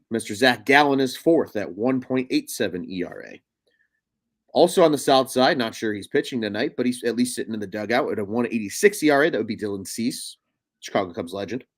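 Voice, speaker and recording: A man's voice: medium pitch, no echo. A young adult man co-hosting a casual sports talk show, chatty and rambling, with lots of fillers and restarts. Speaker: podcast co-host.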